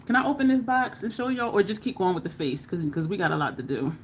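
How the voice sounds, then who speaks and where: A woman's voice: mid-range voice, big pitch swings, fast talker, a little hiss or hum. An American woman hosting a beauty live stream, chatting in a rambling way and talking straight to her viewers as y'all. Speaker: beauty livestream host. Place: home makeup setup under bright lights.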